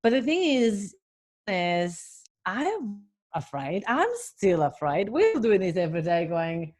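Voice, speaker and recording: A woman's voice: medium pitch, lively intonation, slow. A woman business coach talking casually to viewers, telling a chatty story with laughs and fillers. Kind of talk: casual live talk to viewers.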